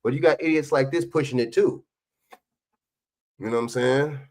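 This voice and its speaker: A man's voice: medium pitch, moderate pace, darkish tone. A man hosting a livestream, arguing back at clips in blunt, profane casual commentary. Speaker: livestream host reacting to clips.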